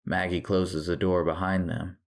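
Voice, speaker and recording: A man with a very low voice narrates a horror story in a measured, dramatic read. It is scripted storytelling for a podcast. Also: level tone, gravelly.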